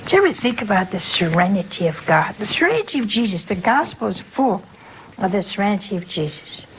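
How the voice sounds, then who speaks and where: An older woman, a nun leading her sisters, gives a chatty religious talk in a medium-pitched, very animated voice at a fairly quick pace. She keeps checking in with her listeners through rhetorical questions. The audio is poor, with a little hiss or hum.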